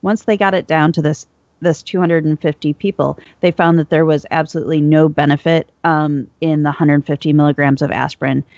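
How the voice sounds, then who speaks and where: A panelist with a gravelly, creaky voice walks through medical research findings in a measured, explanatory way. The recording is dry and close, and sounds dull and lo-fi. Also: mid-range voice, steady tone, a little mellow, no room sound. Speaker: physician panelist presenting medical studies. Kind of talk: casual panel discussion.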